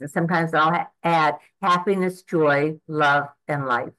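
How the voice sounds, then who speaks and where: A woman's voice: deep voice, steady tone, measured pace, few pauses, a bit bright, poor audio. A woman in her eighties, earnest and reflective, speaking a prayer aloud to God and reflecting on it. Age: 80s. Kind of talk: spoken prayer and spiritual reflection.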